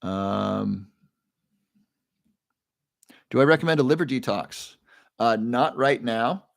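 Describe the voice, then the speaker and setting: A man's voice: medium pitch, slow pace, vocal fry, no echo, clean studio sound. A man hosting a live stream, talking casually with his chat, guiding a breathing exercise and answering viewers' questions by name. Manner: relaxed, guides breathing, reads chat names aloud. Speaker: livestream host.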